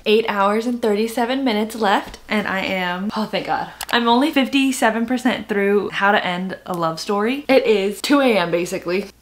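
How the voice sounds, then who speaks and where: A woman's voice: medium pitch, moderate pace, few pauses, slight background noise. A young woman chatting casually to camera in a book vlog, gushing and giggly, with lots of fillers. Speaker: book vlogger.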